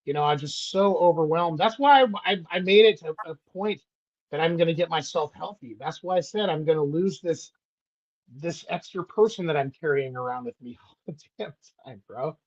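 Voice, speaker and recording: A man's voice: on the high side, moderate pace. A man hosting a podcast in an upbeat, joking way, laughing often as he talks. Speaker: podcast host. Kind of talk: casual chat. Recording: dull lo-fi sound.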